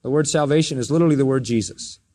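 A man preaching a sermon, telling the story with emphasis and swinging between loud and soft passages. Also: mid-range voice, racing. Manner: storytelling, emphatic, rises and drops in volume. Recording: long reverb of a large hall.

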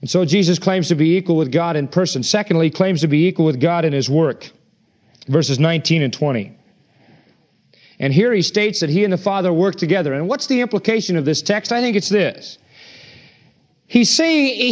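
Male preacher, high voice, forceful and emphatic delivery, muffled lo-fi recording. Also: lively intonation, moderate pace. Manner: emphatic, acts out quoted voices with rising pitch. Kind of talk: sermon. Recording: dull lo-fi sermon recording.

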